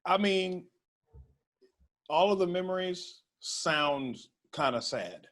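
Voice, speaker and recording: A man's voice: high-pitched, animated, slow pace, a bit bright. A man hosting a podcast, chatting casually and reacting with short quips. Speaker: podcast host. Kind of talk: casual chat.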